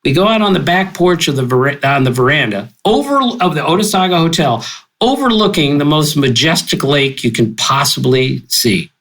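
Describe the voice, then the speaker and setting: A man in his sixties, a sportswriter guest on a podcast, telling stories in an animated, exuberant way with big jumps in pitch. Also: moderate pace, rough recording. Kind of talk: storytelling interview.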